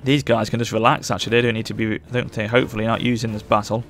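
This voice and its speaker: A man commentating live on his strategy game as he plays, urging his units on and reacting loudly to the battle. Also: lowish voice, racing, soft background music. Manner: urgent, excitable, barks orders at units. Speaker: gaming channel host.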